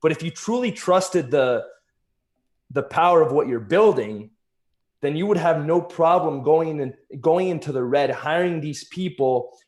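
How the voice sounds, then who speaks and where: A man's voice: fairly high pitch, animated, unhurried, darkish tone. A man speaking as a podcast guest, explaining his ideas earnestly and building his points with examples. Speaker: guest, agency founder. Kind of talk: casual interview chat.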